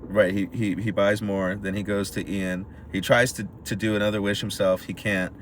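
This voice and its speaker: Low-voiced man recapping a movie. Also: moderate pace, slight background noise. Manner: animated storytelling, acts out characters' lines. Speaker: podcast co-host. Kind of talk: casual movie recap chat.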